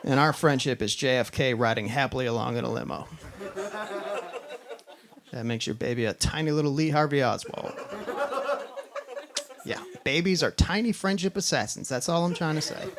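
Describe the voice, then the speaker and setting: A man's voice: mid-range voice, normal speed, pauses often, crowd noise. A man performing a stand-up set in a live venue, talking casually and profanely, slipping into mock voices. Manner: profane, conversational, does mock voices of others. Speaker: stand-up comedian.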